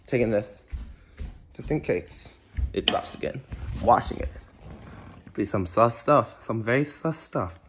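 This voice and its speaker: High, jumpy young man. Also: fairly bright tone, slight background noise. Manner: jumpy, exclaiming, slangy. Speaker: comedy skit creator. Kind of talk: casual comedic monologue to camera. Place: at home indoors.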